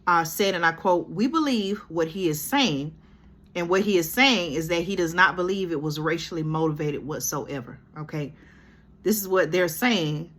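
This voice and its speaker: A woman's voice: fairly low pitch, normal speed, a bit bright. Woman reading news aloud. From Georgia, USA. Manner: reads aloud with frequent "okay?" and "y'all" asides. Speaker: commentary vlogger. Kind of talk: reading and commenting on a news article.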